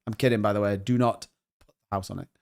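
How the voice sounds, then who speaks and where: A man's voice: on the low side, fairly even intonation, quick pace, creaky. A man hosting a casual livestream, joking and bantering as he reads out chat comments. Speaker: crypto livestream host.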